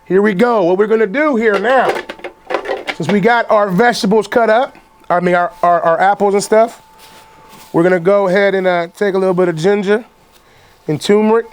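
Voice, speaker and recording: A man's voice: high voice, normal speed. A man chatting casually to the camera as he makes fresh juice, talking to viewers while he works. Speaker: vlogger making juice. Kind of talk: casual kitchen demonstration. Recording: loud juicer noise over voice.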